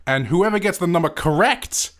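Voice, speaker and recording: A man's voice: high-pitched, expressive, normal speed, a bit bright. A man with an Australian accent hosting a film podcast episode, upbeat and jokey with casual slang. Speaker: podcast host.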